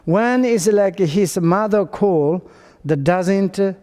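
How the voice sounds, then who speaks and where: A man giving a Buddhist teaching in halting non-native English, with many fillers and restarts, acting out family quarrels in quoted voices. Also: high voice, warm tone, long reverb tail. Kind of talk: dharma teaching seminar.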